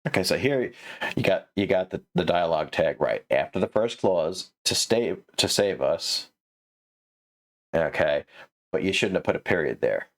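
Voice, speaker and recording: A man's voice: low voice, lively intonation, normal speed. A man giving a comedic critique of a manuscript, sarcastic, laughing often and stammering through restarts.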